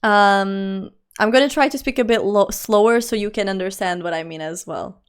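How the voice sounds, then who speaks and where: A young woman, not a native English speaker, chatting casually with her livestream chat, rambling and quick to laugh. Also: mid-range voice, clear, resonant tone. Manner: talks straight to her chat. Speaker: streamer.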